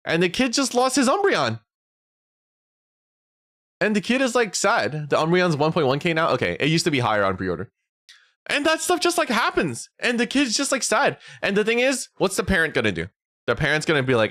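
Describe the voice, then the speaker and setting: This young VTuber streamer rants animatedly at a moderate pace during a laid-back chat stream, swearing often and acting out quotes in small impersonations. His pitch varies widely throughout. The recording is close and dry, with no room sound at all.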